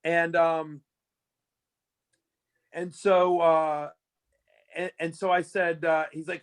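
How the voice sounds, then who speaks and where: A fantasy sports analyst guest with a smooth, fairly high voice speaks slowly and pauses often in a casual interview. He retells stories animatedly, rambling with many fillers and restarts.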